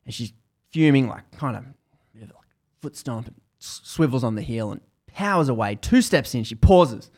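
Gravelly man retelling a story casually. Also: medium pitch, animated, moderate pace, a little mellow. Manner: chatty retelling with many fillers.

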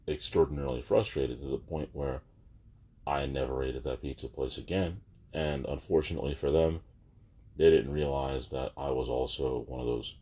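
A man's voice: a bass voice, warm tone, husky. A man vlogger telling a story in a casual, exasperated, ranting way.

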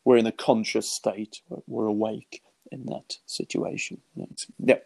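A middle-aged man teaching in an earnest, conversational way, acting out quoted thoughts with lively exclamations and frequent restarts. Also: fairly low pitch, a little slow, gravelly. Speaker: Christian teacher.

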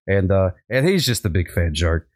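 A man's voice: sits low, sing-song, normal speed, a little mellow, no room sound, studio quality. A man chatting in a rambling comedic style, full of fillers. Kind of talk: comedic casual chat.

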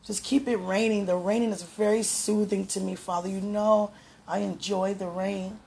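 Woman spiritual vlogger, gravelly and a bit hoarse, fervent, affectionate, self-recorded at home. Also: mid-range voice, fairly even intonation, moderate pace, a little mellow. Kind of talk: spontaneous prayer and encouragement talk.

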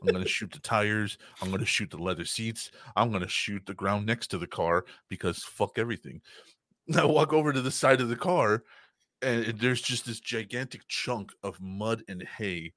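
A young man rambles through his week on a podcast, swearing freely and piling up fillers as he tells stories. His voice sits low, recorded dry and close with no room sound. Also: normal speed, fairly bright tone, no echo. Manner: rambling, profane storytelling with frequent fillers. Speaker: podcast host. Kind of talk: casual chat.

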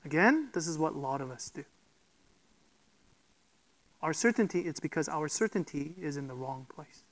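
A preacher with a middling-pitched voice gives an emphatic, expressive sermon at a moderate pace. He leans on rhetorical questions and often checks in with the congregation. The recording is rough.

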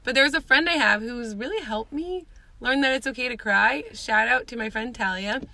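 A woman's voice: fairly high pitch, moderate pace, gravelly, sharp tone, dry recording. A young woman in a casual group chat, speaking earnestly and reflectively.

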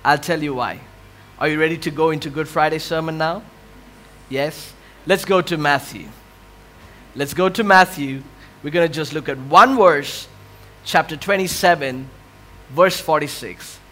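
A male pastor in full sermon mode, his voice pitched high and bright with a ringing edge. He takes his time, drawing the congregation in with questions and call-and-response, then swells into loud impassioned cries before dropping low and quiet again. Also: measured pace, long pauses.

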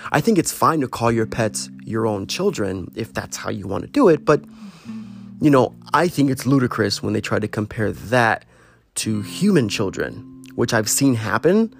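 A man's voice: medium pitch, very animated, moderate pace, vocal fry. A man giving a heartfelt, rambling personal monologue, earnestly urging listeners to reach out to friends. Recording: faint guitar music behind.

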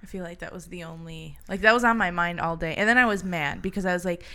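A woman's voice: on the low side, fast talker, fairly bright tone, clear, resonant tone. A woman from Chicago, a podcast co-host, telling stories in casual chat with lots of "like" and frequent laughs. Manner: chatty storyteller, laughs often, many "like" fillers.

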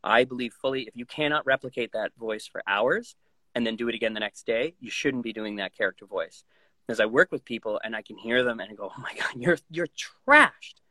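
In a casual interview, a man who voice-acts for a living speaks quickly at medium pitch, with no echo in the recording. He's lively and slips into voices and impressions mid-sentence.

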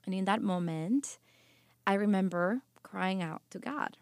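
A woman's voice: mid-range voice, a little slow, no room sound. A woman guest on a podcast, telling a personal testimony earnestly and emotionally, often restarting her sentences. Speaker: podcast guest, life coach.

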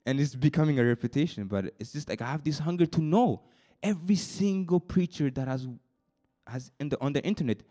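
A young man preaches to a youth group fairly quickly, moving between a soft, confiding register and high, excited peaks. Repeated words and restarted sentences come up frequently.

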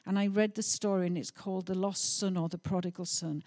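A woman's voice: fairly low pitch, fairly even intonation, fairly quick, a little mellow. A middle-aged woman telling a heartfelt testimony story during a sermon, with some hesitations. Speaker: pastor's wife.

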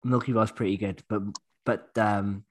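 A man's voice: on the low side, fairly even intonation, normal speed. A man, hosting a podcast in a casual, jokey chat full of fillers. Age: 30s. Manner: chatty and jokey, many fillers and restarts. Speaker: podcast host.

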